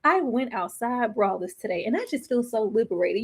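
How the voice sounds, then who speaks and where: A young woman chats casually to her live audience, laughing often and drawing out her phrases. Her voice sits high and swings widely in pitch, bouncing up with every joke. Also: expressive, moderate pace, background noise. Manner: chatty, laughs often, drawls phrases, slips into playful quoted voices. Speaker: TV recap vlogger.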